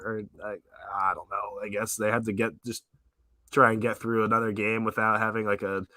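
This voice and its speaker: A sick, hoarse man co-hosting a sports podcast, rambling casually with lots of fillers. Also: lowish voice, flat delivery, fairly quick, pushed and bright, no echo. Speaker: podcast co-host.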